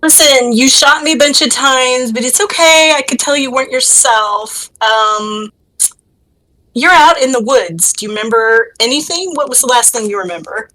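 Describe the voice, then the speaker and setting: Girl doing a blunt young adventurer gal, casual, bright voice. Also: high voice, moderate pace, pitched above the performer's own voice, poor audio. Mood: concerned.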